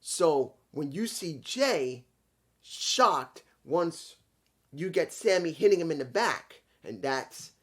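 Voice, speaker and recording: A man reviewing a wrestling event in casual talk, animated and retelling scenes with his own restarts. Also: on the high side, slow pace. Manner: animated, acts out quotes, restarts. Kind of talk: casual recap and opinion talk.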